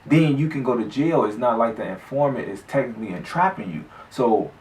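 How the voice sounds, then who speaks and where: A man's voice: medium pitch, animated, a little fast, a little mellow, far from the mic. A man vlogger telling a story casually, in slangy, profane speech with many restarts. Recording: echoey room, off-mic.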